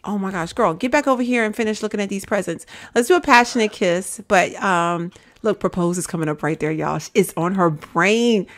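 Talking a little fast with few pauses, this gaming channel host has a medium-pitched voice. She keeps up a chatty stream with her audience, addressing them as y'all and breaking into laughter during the casual playthrough.

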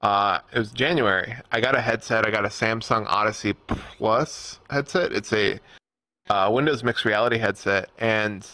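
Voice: medium pitch, moderate pace, sharp tone, no echo. A young-adult guest talking casually on a podcast, rambling with lots of fillers and frequent laughter. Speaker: guest, VTuber and VR world creator.

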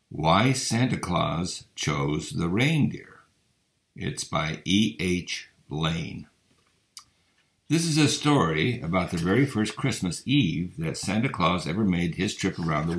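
Low, gravelly male storyteller. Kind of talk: reading a children's story aloud.

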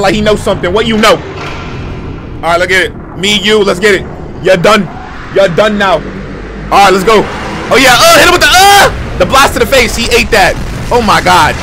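A man live-streaming a reaction to a video, excitedly shouting running comments at the fights on screen. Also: high-pitched, noisy background.

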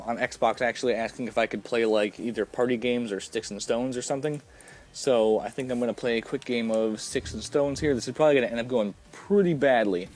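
A man's voice: medium pitch, darkish tone. A young man giving casual, rambling commentary over a video game, full of fillers and restarts. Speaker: gameplay commentator.

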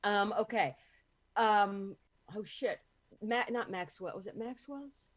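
A woman's voice: mid-range voice, takes it slowly. An American woman in her fifties hosting a podcast, chatting frankly with swearing and restarts. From United States. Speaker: podcast host. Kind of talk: casual podcast chat.

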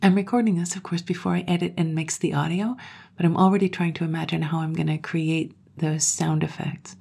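A woman narrating a dark story in a hushed, often whispering manner and then commenting on it. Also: low voice, steady tone, brisk, gravelly, slightly rough. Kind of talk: audiobook storytelling.

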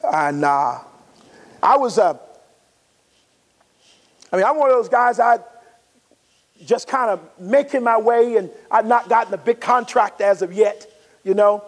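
High-pitched guy in his 40s doing a motivational talk, animated storyteller, laughs a lot. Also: a little slow, pauses often, long reverb tail. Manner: animated storyteller, acts out scenes, laughs often. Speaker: motivational speaker. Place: resort conference room.

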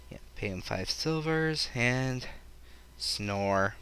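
A man's voice: medium pitch, expressive, measured pace, long pauses, bright, forceful tone. A man giving casual, self-deprecating commentary while playing a game, talking to viewers. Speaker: let's play commentator. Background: game music.

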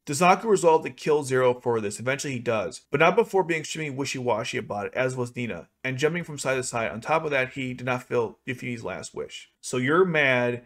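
A young man commenting on an article for his video channel, ranting in an exasperated, sarcastic way with sudden jumps in pitch. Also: lively intonation, fast, hardly any pauses. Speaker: YouTube anime commentator. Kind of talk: reacting to and rebutting an article.

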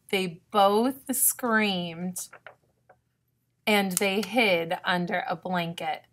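A woman reading a children's picture book aloud as the narrator, in a gentle, clear storytelling manner. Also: on the low side, steady tone, takes it slowly.

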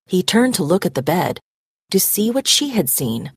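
A woman reading a story aloud expressively and pausing to define vocabulary words. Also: on the low side, husky, no room sound, studio quality. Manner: animated, dramatic storytelling. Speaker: reader.

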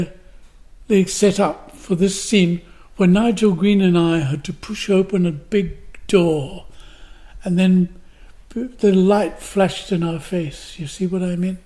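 An older man with a Glasgow accent, telling a story with theatrical flair. He acts out cries and quotes, tosses in rhetorical questions, and speaks with a mellow, soft-edged tone. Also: high-pitched. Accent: Glaswegian. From Scotland. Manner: fillers and restarts, rhetorical questions. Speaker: actor, interview guest. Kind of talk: anecdotal storytelling in an interview.

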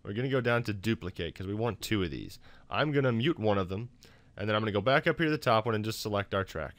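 A man narrating a casual software tutorial for his video channel, loose and full of fillers and restarts. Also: lowish voice, expressive, fast, dry recording. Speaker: YouTube tutorial maker.

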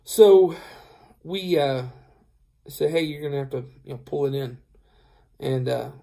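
Gravelly, dark-voiced tired trucker. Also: male voice, on the high side, unhurried. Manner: rambling, retells dialogue, many fillers. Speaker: truck driver vlogger. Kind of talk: casual storytelling vlog.

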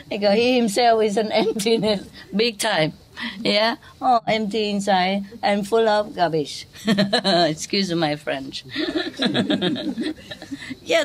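A woman with a Vietnamese accent giving a spiritual teaching talk to an audience, playful, laughing often and quizzing her listeners. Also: medium pitch.

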